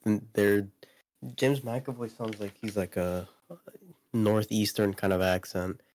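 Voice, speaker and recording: A man's voice: lowish voice, fairly even intonation, slow pace, a little mellow. A man co-hosting a casual podcast chat about video games, rambling with lots of fillers and restarts. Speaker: podcast co-host.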